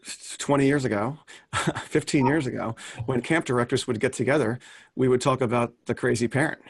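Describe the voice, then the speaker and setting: Podcast host, male, husky gravelly voice, dry close sound, chatty and rambling. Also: mid-range voice, brisk, no room sound. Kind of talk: casual podcast chat.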